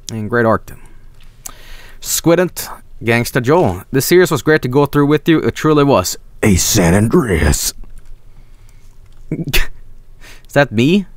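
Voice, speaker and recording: A man's voice: mid-range voice, dry recording. A man streaming casually, reading out fan art and chat, rambling, swearing freely and breaking into silly voices.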